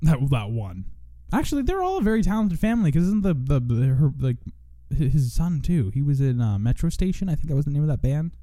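A man's voice: on the high side, very animated, a little fast, hardly any pauses, dark tone, dry recording. A young man hosting a radio show in casual chat, rambling and self-mocking, now and then breaking into joking country singing.

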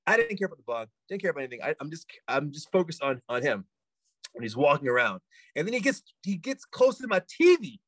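A man telling a long story as a podcast guest, in a casual animated way, repeating himself and filling with "like". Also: on the high side, quick pace, no room sound, poor audio.

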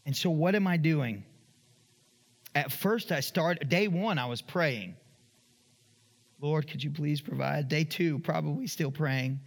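A man preaching a sermon as pastor in a church, animated and acting out the voices of the people in his story. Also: measured pace, long reverb tail. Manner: animated, acts out quoted voices, rises to high emphatic pitch.

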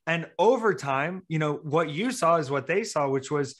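A man's voice: a little high, expressive, moderate pace, a bit bright. A man from the American South with a Southern accent, a wrestler guest telling stories in casual chat and acting out quotes. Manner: chatty storyteller, acts out quotes.

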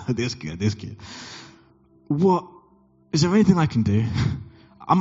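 A man preaching a sermon, telling a story and acting out the dialogue with big jumps in pitch. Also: sing-song, unhurried, a little mellow, husky, dull audio. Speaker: pastor.

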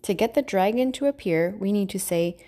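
A woman's voice: medium pitch, fairly quick, warm tone, natural voice. A woman voicing a cheerful, brave young girl explorer in a storybook reading, eager and exclaiming.

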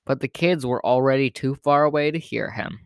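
Guy reading a kids storybook out loud, steady plain delivery, dry close mic. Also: mid-range voice, a little fast, creaky, clean tone, dry recording. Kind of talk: reading a children's story aloud.

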